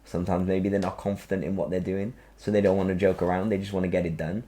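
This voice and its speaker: A man, hosting a podcast and telling a story in a casual, animated way, acting out quotes and swearing freely. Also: low voice, fast. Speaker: podcast host. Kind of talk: casual chat.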